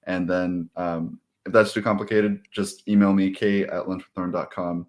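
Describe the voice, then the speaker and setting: A man with a very deep voice giving a casual announcement for a podcast. He talks in a relaxed way, with lots of fillers. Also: normal speed.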